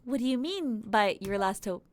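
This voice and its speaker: A woman's voice: on the high side, lively intonation, moderate pace, a little hiss or hum, natural voice. A woman voicing a young male defense lawyer who presses a witness, reading the game's dialogue aloud in a near-natural voice. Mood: probing. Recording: game music behind the voice.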